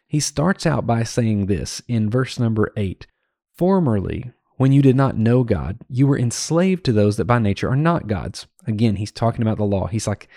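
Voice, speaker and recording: A man's voice: medium pitch, lively intonation, moderate pace, mellow, no echo, clean studio sound. A man hosting a Bible teaching podcast, explaining and paraphrasing verses in an earnest, conversational way. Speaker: podcast host teaching scripture.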